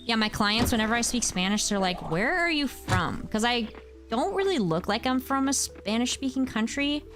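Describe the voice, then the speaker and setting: A woman's voice: fairly high pitch, lively intonation, moderate pace, fairly bright tone. A young woman chatting casually on a gameplay stream, rambling and answering her chat, with faint music behind her.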